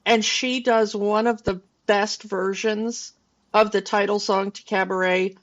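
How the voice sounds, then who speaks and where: Slow-talking woman on a dull recording. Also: medium pitch, fairly even intonation. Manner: rambling, loose, with many fillers and restarts. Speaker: podcast co-host. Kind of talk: casual film podcast chat.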